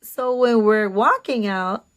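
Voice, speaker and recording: A woman's voice: medium pitch, takes it slowly. A woman telling a casual storytime about a date, chatty and sarcastic, with lots of fillers and asides.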